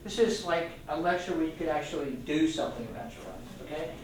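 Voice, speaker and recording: A man's voice: a little high, fast talker, slight background noise. Older man lecturing from afar in an echoey room. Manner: enthusiastic, rambling, jokes with the audience. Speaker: retired doctor giving a guest talk. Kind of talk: informal lecture to a club audience. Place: meeting room. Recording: echoey room, voice from a distant mic.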